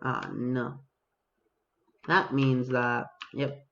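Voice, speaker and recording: A man's voice: medium pitch, flat delivery, extremely slow, gravelly, a bit bright, lo-fi sound, slight background noise. A man giving casual, self-mocking commentary over his own gameplay as a video host, talking to himself and his viewers.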